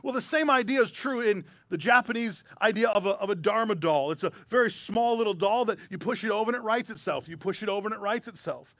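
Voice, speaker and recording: Very high-voiced male pastor preaching. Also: quick pace, few pauses, a bit bright, dry recording. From United States. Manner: conversational preaching with humorous asides. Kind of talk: sermon. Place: church service streamed online.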